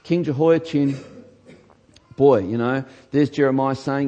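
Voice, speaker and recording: A man who is a pastor, delivering an emphatic sermon in a church and rising to shouts on key lines. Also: medium pitch, measured pace, dull audio.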